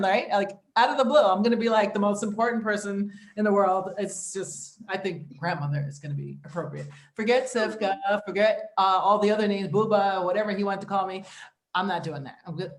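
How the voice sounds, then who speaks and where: A middle-aged woman tells stand-up stories in a chatty, lively way. Her pitch sits in the middle, and she often slips into excited voices for her punchlines. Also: echoey room. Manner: chatty, animated storytelling. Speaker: stand-up comedian. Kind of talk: stand-up comedy set.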